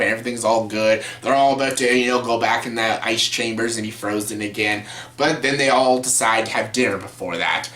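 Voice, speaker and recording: An eager man speaks in a middle-pitched voice, rambling casually through his favorites with plenty of fillers and restarts. His voice bounces around a bare, echoey room. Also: a bit bright. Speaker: movie reviewer. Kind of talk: casual vlog talk.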